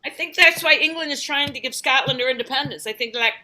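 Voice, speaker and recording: A woman's voice: sits high, fast, bright, forceful tone, a little hiss or hum. A middle-aged woman performing a stand-up comedy set, wry and self-deprecating, slipping into quoted voices.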